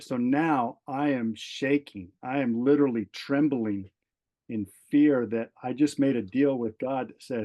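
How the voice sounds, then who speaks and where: Middle-aged retired fire captain as podcast guest, earnest and halting, retells events with repeated starts. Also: male voice, medium pitch, fairly even intonation, warm tone, dull audio. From Southern California. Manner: earnest, halting, repeats words as he gathers thoughts. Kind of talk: personal storytelling in an interview.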